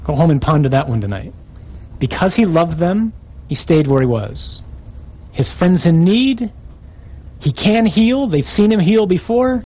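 A man's voice: on the high side, animated, measured pace, pauses often, darkish tone, husky, poor audio. A man preaching a sermon, reading scripture aloud and commenting on it with emphatic, rising intensity.

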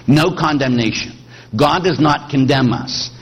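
A middle-aged man, a priest, preaching a sermon in a lively, teasing way and putting questions to the congregation. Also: mid-range voice, unhurried, breathy edge, low-quality recording. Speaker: Catholic priest.

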